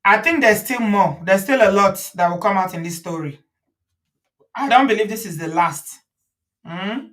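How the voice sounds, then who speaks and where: A woman's voice: medium pitch, fairly bright tone. A woman with a Nigerian accent, hosting a casual live stream, reading viewer comments aloud and slipping into pidgin and Yoruba. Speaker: host.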